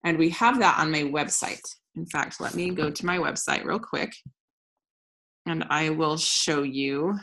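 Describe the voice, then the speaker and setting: Speaking in a deep, unhurried voice with a slight brightness, this thirty-something woman leads an informal, upbeat business training over screen share. She's frank and keeps restarting her thoughts.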